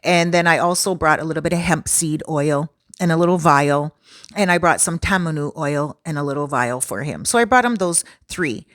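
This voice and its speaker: A woman's voice: low voice, normal speed, a bit bright, no echo, clean studio sound. A woman who works as a relocation consultant, telling a casual, chatty storytime in a laid-back way.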